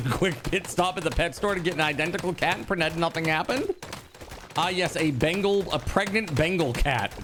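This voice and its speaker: A man's voice: on the high side, normal speed, noisy background. A man streaming from home, chatting casually and reacting to viewers with disbelief and the odd swear word. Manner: animated, incredulous, swears casually. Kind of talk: casual live-stream chat.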